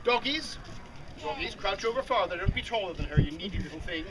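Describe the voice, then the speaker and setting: A man's voice: high-pitched, animated, brisk, rough recording. A man performing an outdoor comedy show, bantering and teasing audience volunteers. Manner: bantering, teasing crowd work. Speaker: street performer. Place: outdoor fair stage. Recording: loud crowd outdoors. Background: large crowd.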